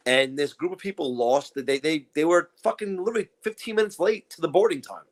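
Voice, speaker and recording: A man co-hosting a podcast, telling profane, animated stories in casual chat and acting out what people said. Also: fairly high pitch, brisk. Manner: profane, animated storytelling with acted-out quotes. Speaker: podcast co-host.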